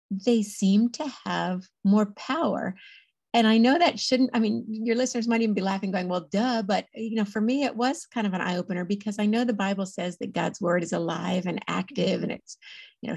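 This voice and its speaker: A middle-aged woman speaks in a casual podcast interview, earnest and chatty, with a gravelly, husky edge to her voice. The sound is dry and close. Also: mid-range voice, darkish tone, no echo. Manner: earnest, chatty, quick laughs. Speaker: podcast guest, author.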